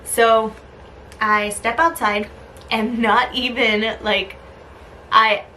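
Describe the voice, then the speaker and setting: A young adult woman telling a story in a casual vlog, chatty and animated, with lots of "like" and "um". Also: mid-range voice, a little hiss or hum, poor audio. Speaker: lifestyle vlogger.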